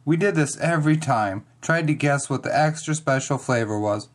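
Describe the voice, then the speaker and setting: A reader narrating a first-person children's chapter book, expressive and dramatic. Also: mid-range voice, moderate pace. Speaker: audiobook reader.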